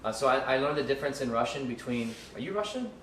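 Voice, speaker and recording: This man, a ministry school teacher, rambles loosely through a live class, restarting often, using fillers and cracking jokes. He talks at a quick pace with a medium pitch, lively intonation, and a bit of brightness, captured in an echoey room by a distant mic over faint background noise.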